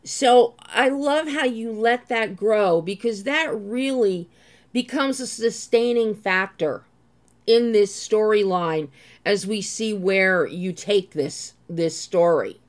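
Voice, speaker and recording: A woman's voice: mid-range voice, slow pace. A woman interviewing a film director, asking enthusiastic, appreciative questions.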